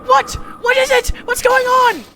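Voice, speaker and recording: A woman's voice: very high voice, level tone, measured pace, pushed and bright, raised voice, a little hiss or hum, exaggerated voice. A woman voicing a panicky male time traveller, with frantic, repetitive exclamations in amateur comedic acting.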